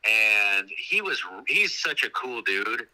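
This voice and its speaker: A man's voice: lowish voice, sing-song, takes it slowly, pushed and bright, rough recording. A man in casual interview talk, telling rambling stories with many restarts. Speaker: actor guest.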